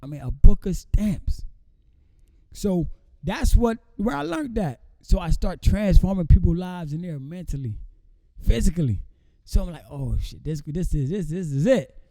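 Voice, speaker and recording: A man's voice: high voice, animated, moderate pace, warm tone, no room sound. A man in his thirties, a podcast guest, telling his life story in casual street slang, often asking "you feel me".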